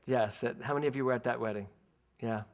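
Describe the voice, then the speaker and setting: A man's voice: medium pitch, quick pace. A middle-aged man from Philadelphia, preaching a sermon to his congregation and acting out a family story. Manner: animated storyteller, laughs and acts out voices, speaks to the congregation. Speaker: minister. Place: spiritual center sanctuary.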